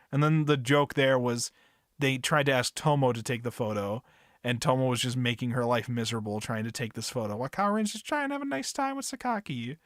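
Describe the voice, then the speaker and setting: A man's voice: mid-range voice, lively intonation, a little fast, a bit bright, dry recording, clean studio sound. A man hosting a podcast book club, chatting casually in a rambling, profane, laid-back way. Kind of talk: casual chat.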